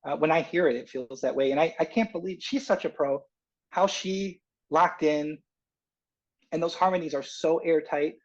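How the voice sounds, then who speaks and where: Rambling, animated man telling a story. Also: fairly high pitch, normal speed, dull audio. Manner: rambling and animated, with many restarts and fillers. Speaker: singer-songwriter guest. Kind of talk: casual storytelling interview.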